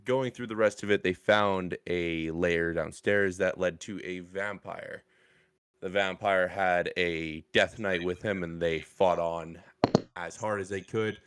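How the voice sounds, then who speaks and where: A man's voice: sits low, steady tone, measured pace, fairly bright tone. A man narrating as game master in a casual, rambling way, swearing offhandedly. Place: live-streamed game session.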